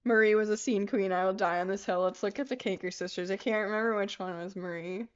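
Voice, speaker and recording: A woman's voice: mid-range voice, steady tone, quick pace, clear, resonant tone, muffled recording. A young woman hosting a casual livestream, giggling often, swearing freely and reading viewer comments aloud as she works on a craft. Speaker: livestream host.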